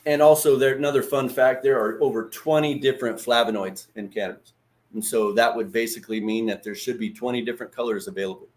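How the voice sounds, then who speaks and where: A man in the middle of his range, hosting a relaxed livestream lesson. His talk is loose and chatty, with plenty of swearing and quick hellos to viewers by name. He keeps it informal, like a friend explaining things. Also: medium pitch. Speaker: livestream host. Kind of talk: casual livestream teaching.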